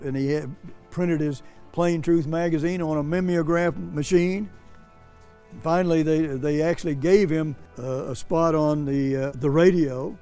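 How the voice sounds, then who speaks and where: A man's voice: on the high side, fairly even intonation, unhurried, mellow, big-room sound, faint music behind. A man preaching a sermon as pastor, earnest and plain-spoken, repeating himself and lifting his voice when he quotes scripture.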